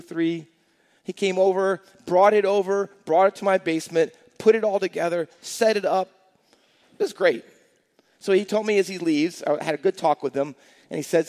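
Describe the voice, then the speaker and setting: A pastor telling a story and preaching with emphasis. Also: male voice, high-pitched, darkish tone, in a large hall. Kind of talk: sermon.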